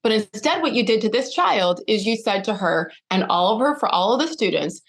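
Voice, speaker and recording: A middle-aged woman speaking as a podcast guest, telling a personal story with lively, acted-out dialogue. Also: mid-range voice, a little fast, few pauses. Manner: animated, acts out quoted dialogue.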